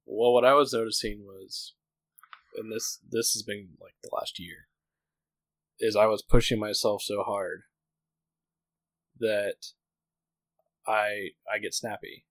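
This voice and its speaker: A man in his thirties talks in a rambling, candid way, filling his sentences with "like." His voice sits a little low. The sound is dry and close, with no room around it. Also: steady tone, slow pace, pauses often, a bit bright, dry recording, rough recording. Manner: rambling, many "like" fillers, candid. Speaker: podcast co-host. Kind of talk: casual chat.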